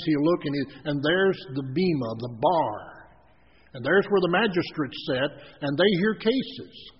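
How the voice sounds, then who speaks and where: A man preaching a sermon as pastor, telling folksy humorous stories in a husky voice. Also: on the high side. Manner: storytelling, folksy with humorous anecdotes. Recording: dull recording with long hall reverb.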